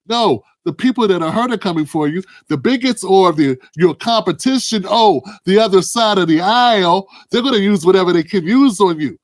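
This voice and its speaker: A man's voice: sits high, animated, normal speed. A man hosting heated political commentary, blunt and emphatic with profanity.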